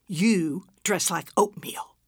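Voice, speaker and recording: A woman voicing a prim elderly woman in her seventies who delivers dry, deadpan put-downs in a storybook. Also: fairly low pitch, slow, breathy edge, no echo, exaggerated voice. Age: 70s.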